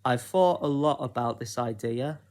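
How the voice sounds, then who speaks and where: A man from Britain talking through his own ideas in a casual solo vlog, unhurried and hesitant, with plenty of ums and pauses. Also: mid-range voice, a little mellow. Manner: unhurried, hesitant, with frequent fillers. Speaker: YouTuber.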